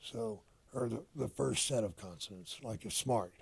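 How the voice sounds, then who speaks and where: Gravelly older man telling profane stories. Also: mid-range voice, moderate pace, hardly any pauses. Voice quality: gravelly, husky. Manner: profane, animated storyteller acting out quoted dialogue. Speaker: interview guest, retired wrestler. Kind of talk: storytelling in a casual interview.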